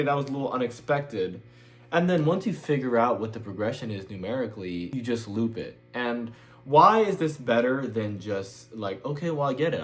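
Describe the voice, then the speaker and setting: A man giving a casual guitar lesson in a loose, chatty way, sometimes singing the chord numbers. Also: mid-range voice. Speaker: music teacher. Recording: loud guitar playing behind the voice.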